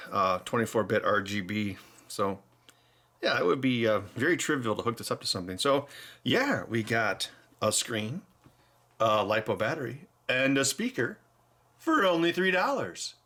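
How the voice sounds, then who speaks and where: Bright-voiced tipsy man tinkering. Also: medium pitch. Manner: rambling, chuckling, thinking aloud. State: tipsy from beer. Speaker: electronics hacker host. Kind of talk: casual teardown chat.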